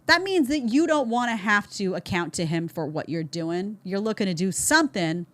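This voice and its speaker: A woman's voice: mid-range voice, lively intonation, moderate pace, a bit bright, dry recording. A middle-aged woman hosting a podcast, reacting to a clip with blunt, emphatic commentary and sarcastic asides. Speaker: podcast host.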